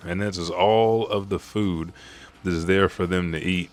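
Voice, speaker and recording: Excitable, profane man reading manga live. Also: sits low. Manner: animated, profane, jumps into quick character voices. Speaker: manga reaction streamer.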